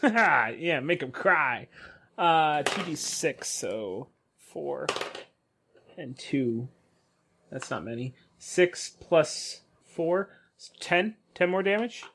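A man plays at a tabletop game session. His voice sits a little high and jumps around a lot. He reads out his rolls and damage with excitement. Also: extremely slow, gravelly, noisy background. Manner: animated, reads out dice math. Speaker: player.

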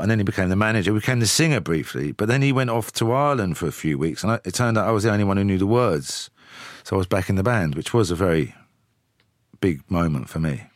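A man with a low, dry voice, chatting easily as he tells stories about his band's early days. He slips in laughs here and there, in a close, dead-sounding interview recording. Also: no echo. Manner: chatty, laughs while telling anecdotes. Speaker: guest, singer. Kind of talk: storytelling interview.

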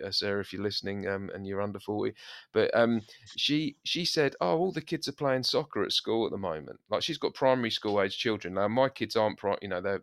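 A man's voice: on the low side, fairly bright tone, no room sound, studio quality. A middle-aged man from England co-hosting a podcast in casual chat, rambling and restarting his sentences, laughing easily. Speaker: podcast co-host.

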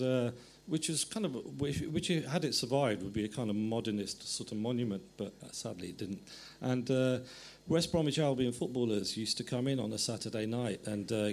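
A middle-aged man, a guest who is an author, tells anecdotes in a wandering way and often pauses to correct himself. His voice sits at a medium pitch with a somewhat dark tone, and the talk is anecdotal conversation.

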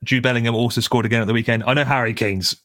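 A young man, co-hosting a casual football podcast in a relaxed, halting way. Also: mid-range voice, no room sound. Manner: relaxed, hesitant with fillers, laughs while telling stories. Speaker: podcast co-host.

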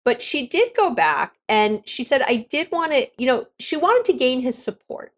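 A woman relationship coach talking candidly on a podcast, conversational and quick to correct herself. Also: high-pitched, huge pitch swings. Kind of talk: podcast monologue.

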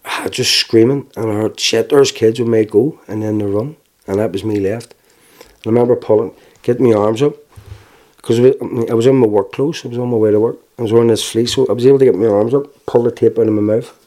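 A man with a Belfast accent giving a halting, plainspoken personal account, with restarts and wry laughs. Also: medium pitch, fairly even intonation, mellow. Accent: Northern Irish, Belfast. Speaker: interviewee. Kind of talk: personal testimony.

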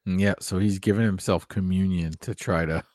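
A man's voice: deep voice, fairly even intonation, brisk, a little mellow, no room sound, studio quality. A man co-hosting a podcast, talking in a loose, rambling way with lots of fillers. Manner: chatty and rambling, with many fillers and laughs. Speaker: podcast co-host. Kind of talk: casual podcast chat.

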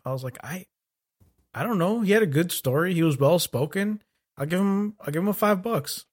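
A man's voice: high-pitched, expressive, normal speed. A man on a casual podcast telling meandering stories in a laid-back way. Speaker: podcast co-host.

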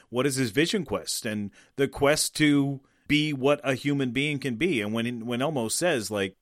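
A man's voice: mid-range voice, fairly bright tone, no echo, studio quality. A man co-hosting a podcast, discussing a film thoughtfully and agreeing often. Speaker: podcast co-host.

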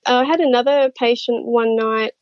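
A woman, a nurse, chatting as a guest and telling her stories in a lively way, laughing often and acting out what people said. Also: on the high side, normal speed, dry recording. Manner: animated, laughs often, acts out quotes. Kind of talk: casual storytelling chat. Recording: slightly dull lo-fi audio.

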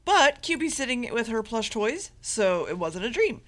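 A woman's voice: fairly high pitch, sing-song, moderate pace, a bit bright. A woman co-hosting a podcast, summarizing an anime episode in a chatty, run-on way. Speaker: podcast co-host. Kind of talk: casual anime recap chat.

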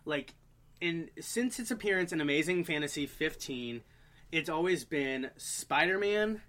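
Lively, bright-voiced young man. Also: on the high side, measured pace. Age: 20s. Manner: animated storyteller, puts on silly voices. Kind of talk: casual chat.

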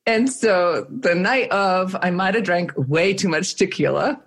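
A woman's voice: fairly low pitch, lively intonation, a little slow. A middle-aged woman telling a frank personal story in casual conversation, self-mocking and acting out what people said. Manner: frank, self-mocking, with frequent laughs and acted-out quotes.

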